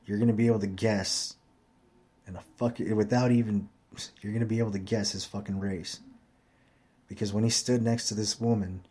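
A tired man with a slightly low voice talks straight to his viewers. He rambles and curses freely as he tells a story from his own life, in a casual and plainspoken way. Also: steady tone, moderate pace, long pauses, mellow, breathy edge. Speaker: vlogger.

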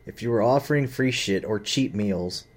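A man's voice: fairly low pitch, moderate pace. A man telling a rambling, profane story about his father and his boss, full of fillers and agitation. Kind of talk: rambling personal rant.

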